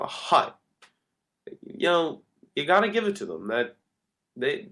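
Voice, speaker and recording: A man's voice: medium pitch, a bit bright. A man hosting a talk show, giving an earnest, rambling monologue that often corrects itself mid-sentence. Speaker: radio show host.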